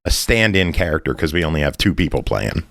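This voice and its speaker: Man, very low voice, lively pitch, dry close sound, easygoing podcast host. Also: fast, gravelly, dry recording. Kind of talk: casual podcast chat.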